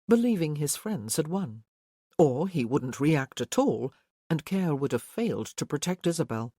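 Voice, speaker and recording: A narrator reading a historical romance audiobook in a steady storytelling voice. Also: medium pitch, dry recording, studio quality.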